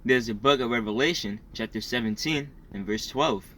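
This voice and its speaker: Man reading bible verses out slow and formal, says the chapter and verse first, normal pitch. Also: a bit bright, a little hiss or hum, rough recording. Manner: measured, announces book, chapter and verse before reading. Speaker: scripture reader.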